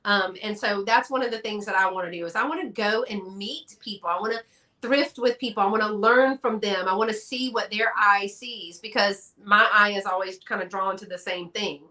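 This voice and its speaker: A woman's voice: medium pitch, normal speed, sharp tone. A woman from Texas with a Southern accent, chatting casually in a live stream and laughing often. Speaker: guest collector.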